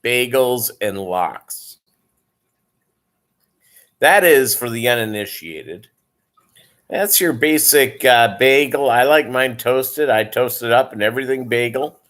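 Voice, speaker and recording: Tired male livestream host, slow and rambling, filler-heavy casual chat with viewers. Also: medium pitch, lively intonation, a bit bright. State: tired, yawning.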